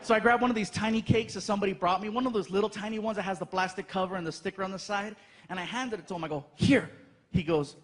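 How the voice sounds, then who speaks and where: Man, middle-aged, stand-up comic, animated storyteller, high voice, noisy live room. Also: fast talker. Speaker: stand-up comedian. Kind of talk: stand-up routine. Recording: live stage mic with audience noise.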